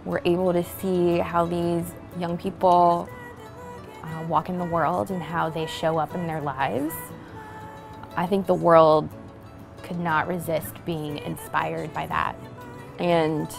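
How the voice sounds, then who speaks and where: A woman speaking earnestly and measured about the work of her program. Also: on the low side, flat delivery, creaky, soft background music. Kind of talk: promotional interview.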